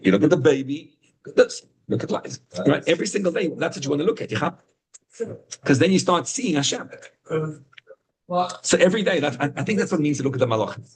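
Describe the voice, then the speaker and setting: A man teaching an informal Torah class over a video call, telling stories with rising, excited emphasis. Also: quick pace, pauses often, slight background noise, low-quality recording. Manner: animated storytelling, rising to high excited emphasis.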